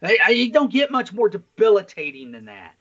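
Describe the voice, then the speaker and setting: A man co-hosting a casual podcast, talking bluntly and swearing a lot as he tells a story with animated energy. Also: sits high, a little fast. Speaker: podcast co-host. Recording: slightly dull lo-fi sound.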